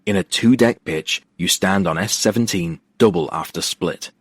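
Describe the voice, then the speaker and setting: A man voicing a curt, deadpan casino security man in an audiobook. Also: low-pitched, normal speed, breathy edge, dry recording, studio quality.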